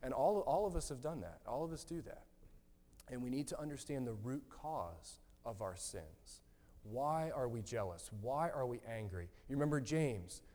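A man preaching a sermon in an earnest, gently emphatic way, often repeating his words. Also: mid-range voice, expressive, moderate pace. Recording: long hall reverb.

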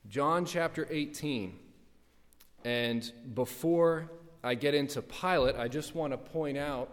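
A pastor preaching a sermon, pressing his point with rhetorical questions and repeated words. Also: on the high side. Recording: long hall reverb.

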